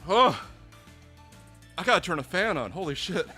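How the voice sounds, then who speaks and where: A man streaming live, reacting to a game, excitable and breathless from laughing hard, swearing often. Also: sits high, moderate pace, breathy edge. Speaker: VTuber streamer. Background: faint background music.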